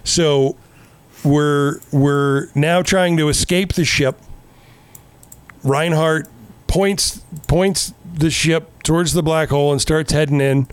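A man's voice: on the high side, fairly even intonation, slow, smooth, no echo. A man in casual chat recapping a movie in a rambling, sarcastic way, swearing often. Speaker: podcast co-host.

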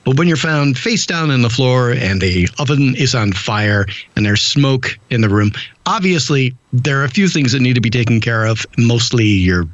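A man's voice: mid-range voice, animated, normal speed, no echo. A man from upstate New York chatting casually on a podcast, blunt and profane, rambling with restarts. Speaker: podcast host. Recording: dull, dry lo-fi sound.

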